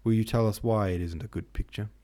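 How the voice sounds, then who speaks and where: A man's voice: on the low side, fairly even intonation, fast, warm tone, close to an everyday voice. A man voicing a hot-tempered young male painter who argues vehemently. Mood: heated. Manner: vehement, declaiming.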